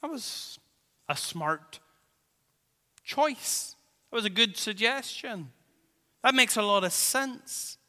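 A man preaches unhurriedly in a slightly raised, bright voice. He swells and then sinks to near quiet, repeating key phrases for weight, and his words ring out with a long echo through a church hall. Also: high-pitched, lively intonation, slow pace, pauses often. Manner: dramatic preaching, swells and drops in volume, repeats phrases for emphasis. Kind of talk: sermon.

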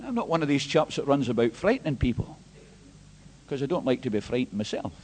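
A man pastor preaching an emphatic sermon, swinging between hushed and loud. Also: mid-range voice, sing-song, brisk, a little hiss or hum. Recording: long hall reverb.

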